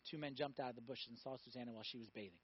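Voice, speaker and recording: A man's voice: medium pitch, racing, breathy edge, no room sound, lo-fi sound. A man preaching a sermon, telling stories animatedly, acting out voices and asking the audience questions.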